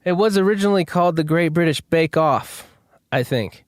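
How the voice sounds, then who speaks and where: A man's voice: a little high, expressive, normal speed, dry recording, studio quality. A male host riffing in a casual, rambling, self-deprecating monologue and swearing freely.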